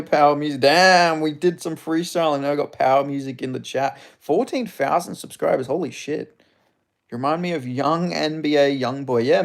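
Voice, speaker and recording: A young Australian man hosting a livestream reads questions from his chat out loud, joking crudely and drifting off on tangents. His mid-range voice has a creaky edge, and his delivery is loose and conversational.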